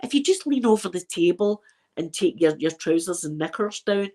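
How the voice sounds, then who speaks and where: A Scottish woman voicing a brisk, matter-of-fact female nurse while retelling a story. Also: on the low side, animated, a little mellow. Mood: instructing.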